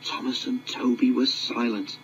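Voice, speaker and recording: A man narrating a children's storybook in a measured, expressive way. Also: medium pitch, slight background noise. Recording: dull lo-fi audiobook with music.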